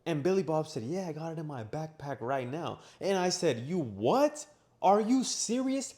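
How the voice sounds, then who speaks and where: A young man telling a personal story in a casual, animated way, sometimes raising his voice to act out his own shouting. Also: on the high side. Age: young adult. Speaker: vlogger. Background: washing machine running.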